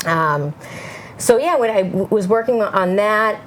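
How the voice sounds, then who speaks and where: A woman's voice: medium pitch, animated, measured pace, a little hiss or hum. A woman talking casually as an interview guest, with lots of fillers and an upbeat tone. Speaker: event managing director, guest.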